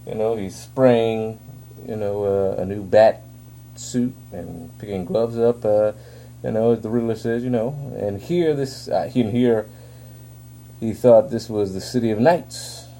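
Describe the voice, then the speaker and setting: A man's voice: on the low side, measured pace, dark tone, a little hiss or hum. A man giving a casual spoken comic book review, hesitant and full of fillers, recorded on a phone. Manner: hesitant, filler-heavy, rambling.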